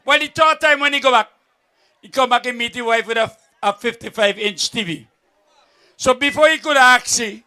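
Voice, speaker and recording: A man with a Vincentian accent telling jokes at an outdoor event, a lively storyteller who laughs as he goes. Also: very high-pitched, normal speed, clean tone. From St Vincent and the Grenadines. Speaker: comedian at a political event. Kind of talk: joke telling.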